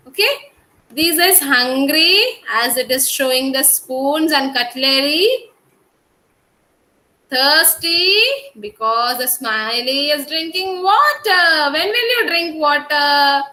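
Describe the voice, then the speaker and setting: Indian woman, kindergarten teacher on a video call; high, drawn-out, patient delivery. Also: expressive, pushed and bright, rough recording. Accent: Indian English. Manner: slow, coaxing, drawn-out words for young children. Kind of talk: online class teaching.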